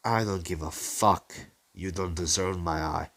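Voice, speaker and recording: A man voicing a cold, vengeful young male ninja, speaking slowly in a low, menacing way. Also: creaky, fairly bright tone, exaggerated voice. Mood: bitter.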